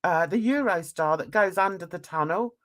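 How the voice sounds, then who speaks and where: A woman's voice: on the low side, moderate pace, fairly bright tone. A middle-aged English woman, an artist hosting a casual video chat, rambling and laughing often. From England. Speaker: artist and channel host.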